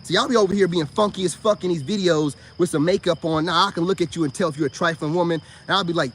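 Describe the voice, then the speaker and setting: A man giving a profane, mocking monologue, swinging between high outbursts and low mutters. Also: fast talker, few pauses, fairly bright tone, a little hiss or hum. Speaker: online commentator. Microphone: self-recorded video.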